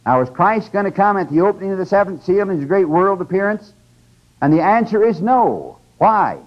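A man's voice: high voice, big pitch swings, a little fast. A man giving a conversational, emphatic scripture lecture to a class, often checking in with his listeners. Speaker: religious lecturer. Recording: dull lo-fi 1980s lecture tape.

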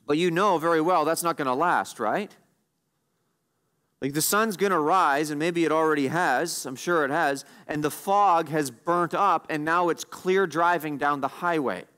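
Pastor, male, high-pitched, earnest sermon delivery, questions the congregation, slows to stress scripture. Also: sharp tone. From Canada.

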